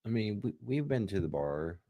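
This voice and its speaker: A man with a very deep voice co-hosts a relaxed podcast, recorded close and dry. He chips in with short, offhand comments. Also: moderate pace, no room sound. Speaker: podcast co-host. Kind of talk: casual podcast chat.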